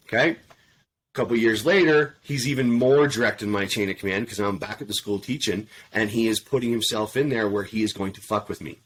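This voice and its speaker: A man's voice: lowish voice, fairly quick. Blunt, profane man telling a story. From Canada. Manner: blunt, profane, swears constantly; animated, acts out quoted dialogue. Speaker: podcast panel guest, army veteran. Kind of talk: casual storytelling in a round table.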